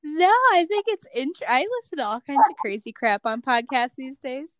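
A woman's voice: high voice, expressive, moderate pace, dry recording. A woman hosting a podcast, chatty and self-deprecating, giggling often. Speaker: podcast host. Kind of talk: casual podcast conversation.

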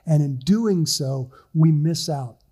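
A man's voice: fairly high pitch, takes it slowly, mellow, breathy edge. A middle-aged man, a lead pastor, preaching a conversational sermon in a church, with frequent ums and restarts.

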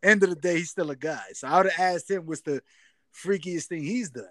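Brisk and fairly high-voiced, a male podcast co-host spins relaxed, slangy anecdotes and performs the quoted lines. The remote recording is dry, without echo.

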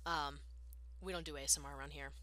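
A teenage girl, a high school senior, hosting a podcast in slangy, rambling casual chat. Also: steady tone, fast, pushed and bright, no room sound. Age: teens. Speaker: podcast host.

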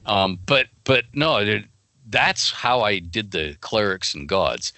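A man being interviewed as a fantasy game writer, telling stories in an animated way and laughing often. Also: lowish voice, takes it slowly, dry recording. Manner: animated, laughing often, jumps into quoted voices. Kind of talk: casual interview chat with storytelling.

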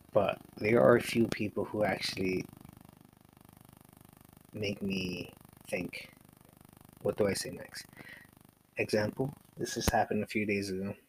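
Gravelly rambling podcast guy. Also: lowish voice, background noise. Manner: rambling, frequent fillers and restarts, casual swearing. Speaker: podcast host. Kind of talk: casual solo podcast monologue.

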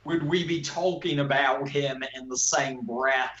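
A man weighs his words slowly and deliberately in a casual film talk, his tone bright and forward. He is heard through a dull, echoey room recording. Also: medium pitch, fairly even intonation. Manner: slow, deliberate and measured. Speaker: podcast co-host.

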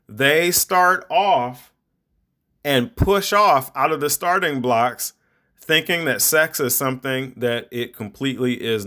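A man's voice: mid-range voice, bright, forceful tone. A middle-aged man hosting a podcast, giving rambling, conversational advice to parents in a preachy tone. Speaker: podcast host. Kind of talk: casual monologue podcast.

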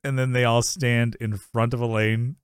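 A man's voice: medium pitch, level tone, normal speed, clean tone, no room sound, clean studio sound. Rambling man recapping, laughing often. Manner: rambling, laughs often, acts out characters' lines. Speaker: podcast co-host. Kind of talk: casual chat recapping a sitcom episode.

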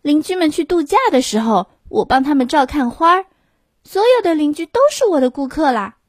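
A woman voicing an eager young boy who starts a plant-care job, speaking in a bright, excited, insistent way. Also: high voice, fairly quick, no room sound, clean studio sound, voice pushed up.

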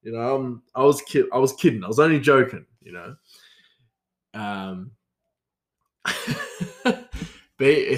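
A young man telling casual stories in a rambling way, laughing often. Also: on the low side. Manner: rambling, lots of fillers and restarts, frequent laughter. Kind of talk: casual storytelling.

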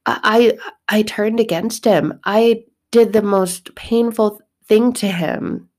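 A woman's voice: mid-range voice, fairly even intonation, takes it slowly, a little mellow, natural voice. A woman voicing a guilt-stricken man who cannot believe he is forgiven, in a devotional retelling. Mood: disbelieving. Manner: disbelieving, self-reproaching. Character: anguished adult male disciple full of guilt.

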